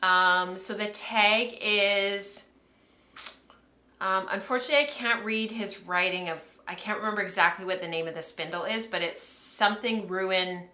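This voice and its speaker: A woman's voice: medium pitch, fairly even intonation, normal speed, bright, forceful tone, echoey room. A woman in her thirties hosting a casual livestream from home, chatty and rambling, laughing often as she talks to camera. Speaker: podcast host.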